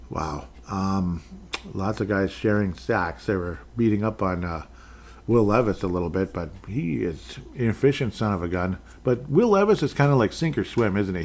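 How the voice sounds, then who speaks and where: A man with a fairly low voice hosts a sports podcast, rattling off game stats between sarcastic side remarks. He rambles, jokes and corrects himself as he goes. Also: a little mellow. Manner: rambling, jokey, sarcastic asides. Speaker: podcast host. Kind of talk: casual sports commentary.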